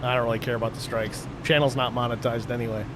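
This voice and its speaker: A man hosting and calling a sim race play-by-play in a brisk, matter-of-fact way. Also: mid-range voice, level tone, noisy background. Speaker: play-by-play host. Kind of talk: sim racing play-by-play commentary.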